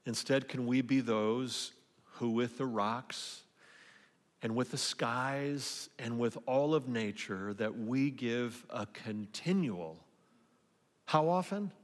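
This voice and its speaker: A man preaching a sermon in a relaxed, conversational way, often restarting his phrases as he goes. His voice sits at an ordinary middle pitch. The sound rings out with the long reverb of a large hall. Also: takes it slowly. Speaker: pastor.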